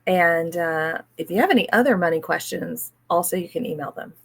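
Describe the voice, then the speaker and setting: A woman hosting her own money mindset channel, talking casually and upbeat to her viewers and slipping into soft guided breathing passages. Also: lowish voice, a little fast, vocal fry, breathy edge. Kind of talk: casual personal talk to camera.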